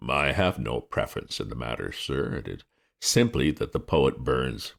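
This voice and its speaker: A man voicing a formal, deferential male valet who speaks in a measured way. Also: a bass voice, sing-song, gravelly, voice pushed down, heavily acted.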